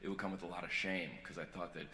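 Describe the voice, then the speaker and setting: A man doing a stand-up comedy set on stage, rambling and self-deprecating, swinging from earnest confession to loud joking. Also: sits low, steady tone, fast. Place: large theater on stage. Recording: echoey live hall recording with crowd noise.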